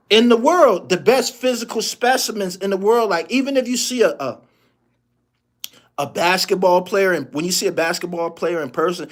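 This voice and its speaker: A man hosting a sports podcast, ranting in profane, animated commentary and laughing often. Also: sits high.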